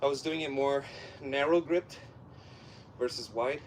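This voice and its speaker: With background noise behind him, a Southern Californian man speaks at a measured pace and medium pitch as he hosts a relaxed live-stream workout from home. Between sets he chats with viewers and reprimands his puppy.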